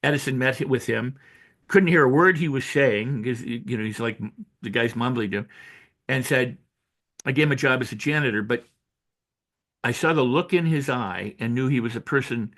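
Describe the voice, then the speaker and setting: Medium in pitch and normal in speed, an older man, both an author and a personal growth coach, tells animated stories in an interview. He dramatizes the voices he quotes and frequently restarts and repeats.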